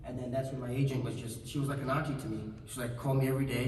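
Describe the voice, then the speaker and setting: A man, telling lively anecdotes as a convention panel guest, laughing often and acting out what people said. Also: medium pitch, rapid-fire. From New Zealand. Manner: animated, laughs often, acts out quotes. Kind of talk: storytelling anecdotes to an audience. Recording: roomy hall, distant mic, faint noise.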